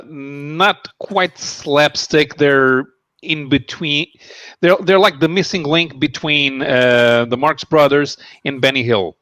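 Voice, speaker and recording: Guy explaining stuff, lots of uh, pauses, dry close mic, mid pitch. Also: a bit bright, clean tone, no echo. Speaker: co-host. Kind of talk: casual chat.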